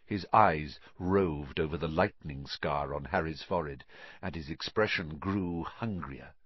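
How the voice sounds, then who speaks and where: A man narrating an audiobook in an expressive storytelling manner. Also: rumbling low, a little slow, husky, no echo, highs cut off. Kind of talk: scripted narration.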